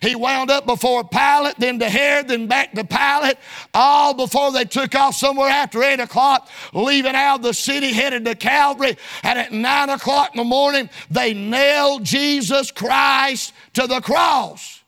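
A man preaches at a normal pace in a very high-pitched voice that holds a steady tone. His sermon has a sing-song cadence, frequent shouting, and plain folksy wording.

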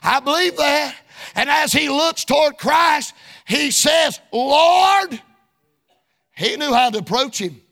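A male preacher delivering a sermon in a sing-song cadence, often shouting, with folksy colloquial phrasing. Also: extremely high pitch, measured pace, vocal fry.

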